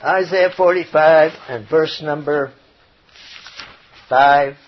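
A man preaching a sermon, growing loud and emphatic as he quotes scripture. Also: a little high, slow pace. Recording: dull lo-fi recording.

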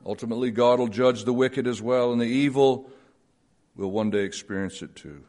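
Man, preacher, sermon, climbs to emphatic highs, sinks low and slow, average pitch. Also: darkish tone. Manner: rises to emphatic peaks, then drops low and slow. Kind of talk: sermon with closing prayer.

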